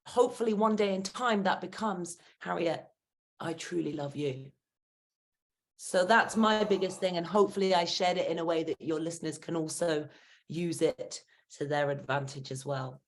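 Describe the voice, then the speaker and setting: A woman's voice: on the low side, fairly even intonation, moderate pace. A woman, a guest speaker and confidence coach talking earnestly and encouragingly in a podcast interview. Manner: earnest, encouraging, acts out inner voices.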